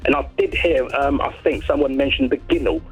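A man's voice: medium pitch, steady tone, brisk, vocal fry, slightly rough, soft background music. A man calling in to a radio chat show, hesitant with many restarts. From Sussex, England. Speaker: radio caller. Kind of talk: casual phone-in chat. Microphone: telephone. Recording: lo-fi phone line.

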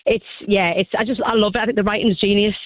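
A woman's voice: mid-range voice, steady tone, fast, no room sound, narrow, tinny audio. A woman, an actress chatting in a radio interview, enthusiastic and gushing, often stumbling over repeated words as she starts a sentence. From North of England. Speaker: actress guest.

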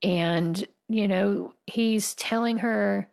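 A woman's voice: mid-range voice, steady tone, extremely slow, creaky, darkish tone. A woman from the United States, an author answering interview questions in a candid, passionate way and laughing wryly. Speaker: author guest.

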